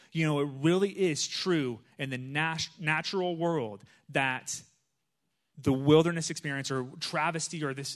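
A man giving a conversational sermon, telling a personal story in a casual, chatty way with frequent pauses and restarts. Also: a little high. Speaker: pastor.

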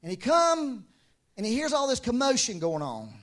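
A man's voice: very high voice, huge pitch swings, normal speed, a bit bright. A middle-aged man preaching a sermon, telling stories, acting out quoted voices and laughing often. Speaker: pastor.

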